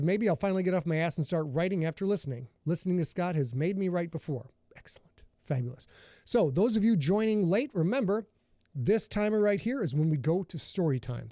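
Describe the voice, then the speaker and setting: A man's voice: on the high side, lively intonation, a little fast, dark tone, dry recording. A man hosting a casual livestream from his home studio, chatting loosely and greeting viewers by name. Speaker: podcast host and author.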